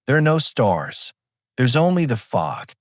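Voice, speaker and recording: A man's voice: mid-range voice, huge pitch swings, measured pace, no room sound, clean studio sound. A man voicing a shaken male navigator, urgent and breathless.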